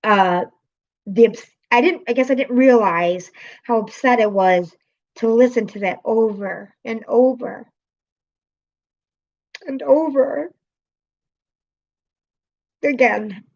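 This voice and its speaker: A woman's voice: fairly high pitch, slow, pauses often, a little mellow. Upset woman venting on a lo-fi stream. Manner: upset, emotional, swearing, greeting viewers by name. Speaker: live streamer. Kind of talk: venting to live chat.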